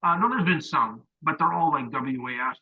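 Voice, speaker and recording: Brief: husky male podcast co-host, stern profane rants, dull muffled sound. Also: on the high side, lively intonation, brisk. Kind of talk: casual podcast chat.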